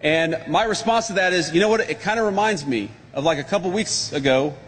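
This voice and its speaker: A man giving a public speech, telling a wry anecdote with relaxed jokes. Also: high-pitched, a little fast, breathy edge, long reverb tail.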